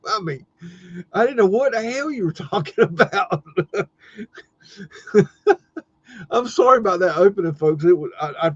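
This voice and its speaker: A man's voice: high-pitched, lively intonation, moderate pace, long pauses, slightly rough, dry recording. A man hosting a casual livestream, rambling and laughing, swearing freely and chatting to his dog between comments. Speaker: livestream host. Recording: dull lo-fi stream audio with faint noise.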